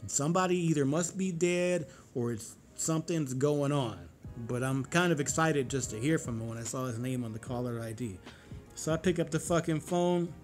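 A man's voice: fairly high pitch, moderate pace. Forty-something guy ranting into the camera, swears a lot, rambles, faint music behind. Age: 40s. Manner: profane, rambling, heated. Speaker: vlogger. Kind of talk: casual monologue to camera.

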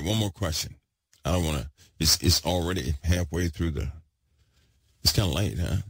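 A man preaching with great excitement, repeating himself for emphasis and swinging from loud bursts to hushed asides. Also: low voice, moderate pace, slightly rough, no room sound. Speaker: podcast host preaching. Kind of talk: impassioned preaching.

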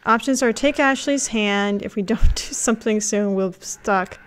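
A woman streaming a live game playthrough, reading the on-screen text aloud and reacting with excited gasps and laughter. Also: medium pitch, normal speed, clean tone.

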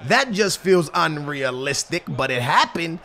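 A young man giving slangy, excitable commentary over a football video game, swinging between hype and grumbling. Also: on the high side, unhurried. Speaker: gaming YouTuber. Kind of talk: gameplay commentary.

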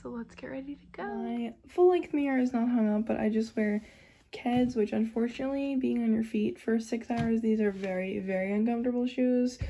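A young woman talks casually to her camera in a vlog, rambling and filling her sentences with "like" and "um". Her voice sits on the higher side, and a faint hiss of noise runs under the recording. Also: warm tone. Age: young adult. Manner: chatty, rambling, many fillers like "like" and "um". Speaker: vlogger.

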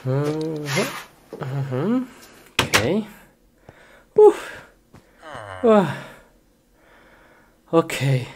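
A woman performing a comedy skit in an excitable way, often exclaiming and laughing, on a noisy recording. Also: rumbling low, very slow, long pauses.

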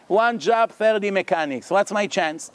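A man with a very high voice gives a religious lecture in English, a language he did not grow up speaking. He tells a long story and voices each person in it, so his pitch and loudness swing widely between narration and their lines. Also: slow pace, no echo. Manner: animated, acts out the characters' lines in the story. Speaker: rabbi. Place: lecture hall.

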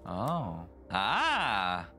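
A man streaming a video game, rambling and joking, now and then jumping into silly high voices. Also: huge pitch swings, extremely slow, sharp tone. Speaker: gaming streamer. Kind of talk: casual let's play commentary. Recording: game music behind the voice.

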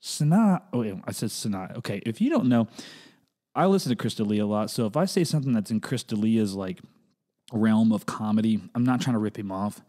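A middle-aged man hosting a comedic solo podcast, talking in an animated way that jumps into high, exaggerated bits and restarts often. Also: fairly quick. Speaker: podcast host.

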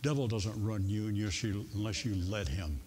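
A man preaching a sermon in a church in a folksy, humorous way, with soft music faintly behind him. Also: fairly low pitch, normal speed, crowd noise. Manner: folksy and humorous, playing out voices in stories. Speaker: pastor. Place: church sanctuary.

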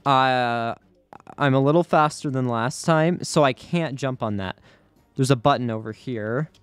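A man's voice: mid-range voice, unhurried, clean tone, dry recording, soft background music. A man giving live commentary over his own gameplay, anxious and repeating himself under pressure. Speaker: gaming YouTuber.

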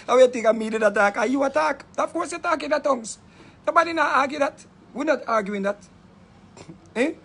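Jamaican man with a high voice, lively and dramatic casual storyteller in thick patois. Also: fairly quick, creaky. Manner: animated, laughing often, patois-heavy, dramatic retelling. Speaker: interviewee telling a story.

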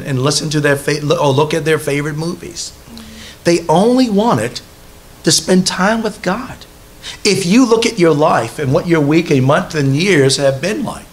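Male preacher, high voice, conversational sermon delivery, congregation present. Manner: conversational preaching with repeated rhetorical questions to the congregation. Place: church hall with a congregation.

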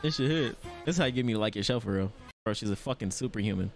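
A man's voice: on the low side, steady tone, racing, gravelly, faint music behind. A man hosting an anime reaction video, talking back to the screen with lots of laughter and profanity.

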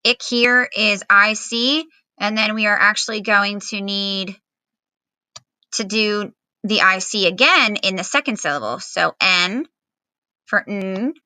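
Slow, bright-voiced woman teacher. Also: medium pitch, no echo, rough recording. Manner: patient, spells and repeats words slowly with fillers. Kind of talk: recorded remote phonics lesson.

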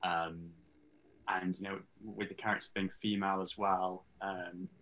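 A man's voice: sits low, level tone, unhurried, fairly bright tone, lo-fi sound. A man speaking as an interview guest, thoughtfully weighing his words in a casual chat. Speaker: online content creator guest.

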